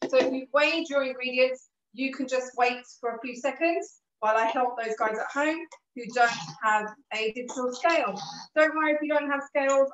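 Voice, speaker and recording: A woman's voice: sits high, fairly bright tone, reverberant, distant mic, lo-fi sound, a little hiss or hum. A woman teaching a live online cooking class, giving patient, encouraging step-by-step instructions, with a cough and a bit of throat trouble. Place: kitchen.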